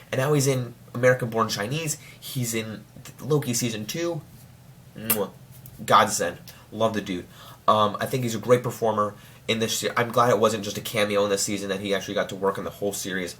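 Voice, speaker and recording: A young man with a medium-pitched voice, carrying a slight hiss or hum, reviews a TV show in casual conversation. He rambles excitably, restarting often and using plenty of fillers, and now and then slips into mock voices.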